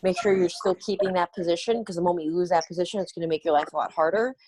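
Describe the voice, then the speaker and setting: A woman's voice: lowish voice, steady tone, rapid-fire, a little mellow, rough recording. A woman lifter giving matter-of-fact advice on pushing through a heavy last lift. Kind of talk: casual advice talk.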